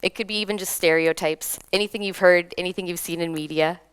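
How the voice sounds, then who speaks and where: A young woman from Minnesota giving a lively conference talk, laughing between points and drawing in the audience. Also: on the low side, fast, smooth. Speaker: conference speaker. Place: conference hall.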